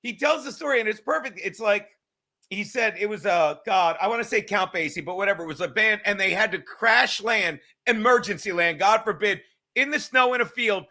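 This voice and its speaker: Male podcast host, New York accent, lively storyteller; high, bright tone. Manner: animated storyteller, swearing, quick asides. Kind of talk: casual chat.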